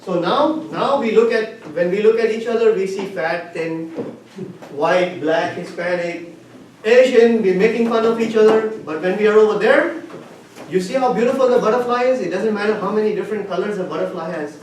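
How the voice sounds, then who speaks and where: A man's voice: high voice, moderate pace, darkish tone. A man teaching a Bible lesson, retelling a story and asking his listeners questions as he goes. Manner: retells stories with questions to the class. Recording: echoey room, far from the mic, faint hiss.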